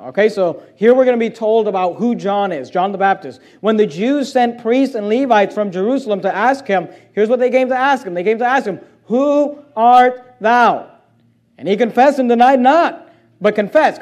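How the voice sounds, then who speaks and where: A man's voice: sits high, darkish tone. A man preaching a sermon as pastor, building up emphatically on key points and reading scripture aloud.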